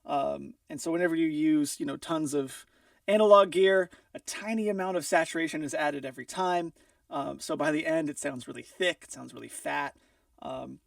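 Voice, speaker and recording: A man's voice: fairly high pitch, gravelly, no echo. A man teaching music mixing in a studio, explaining casually while thinking aloud with frequent ums and restarts. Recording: dry, a bit far from the mic.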